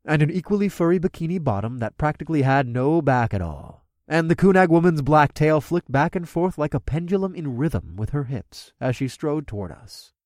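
A man reads a first-person fantasy audiobook with an animated, swooping delivery. His voice sits at an ordinary pitch for a man. It is recorded close on a studio mic in a dry, dead space. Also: no echo. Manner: expressive, lively reading. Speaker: narrator.

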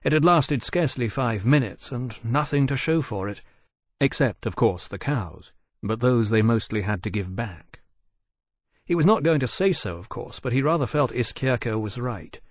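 Measured male audiobook narrator, dry close. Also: mid-range voice, dry recording. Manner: measured, even storytelling. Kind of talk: scripted narration.

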